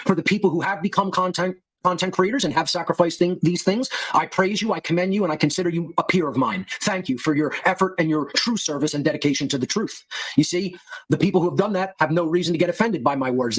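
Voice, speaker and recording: A husky, somewhat high-pitched man rails at his podcast audience. He lectures with open contempt and throws in insults and swearing, in the manner of a heated monologue. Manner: insulting with profanity. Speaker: podcast host.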